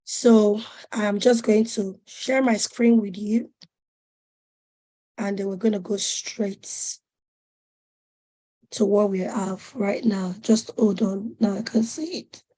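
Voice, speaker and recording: A woman's voice: medium pitch, fairly even intonation, slow, pauses often, dark tone. A woman in her forties presenting an online webinar over a video call, chatty and a little flustered and apologetic.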